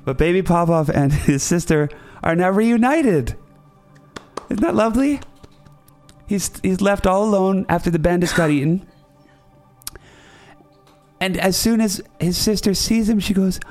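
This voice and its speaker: A man's voice: high-pitched, measured pace, long pauses, darkish tone, soft background music. A man hosting a comedy podcast, telling a rambling story in a playful way and correcting himself as he goes. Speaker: podcast host. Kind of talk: comic storytelling.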